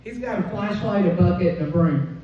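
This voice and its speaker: A woman comedian, telling a stand-up story in an animated way and acting out the quoted voices. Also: fairly low pitch, brisk, crowd noise. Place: comedy club stage. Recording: dull, distant, echoey club recording.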